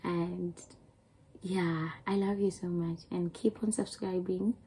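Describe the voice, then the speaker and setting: Young South African woman, YouTuber telling a story; husky, warm-dark tone, rambling delivery. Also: fairly low pitch, fairly even intonation, slow, low-quality recording. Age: young adult. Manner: emotional, rambling retelling with many restarts. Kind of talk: storytime vlog.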